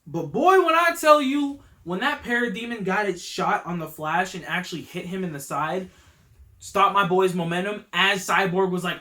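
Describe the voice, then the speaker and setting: A fairly high-voiced man talks through a film he loves in a loose, slangy vlog style. He gets carried away with enthusiasm. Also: normal speed. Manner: excitable, gets worked up. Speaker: YouTube channel host. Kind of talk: casual movie review vlog.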